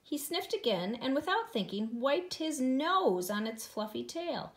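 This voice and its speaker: Expressive woman reading to preschoolers. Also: sits high, a little slow. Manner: expressive, sing-song storytelling. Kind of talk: reading a picture book aloud.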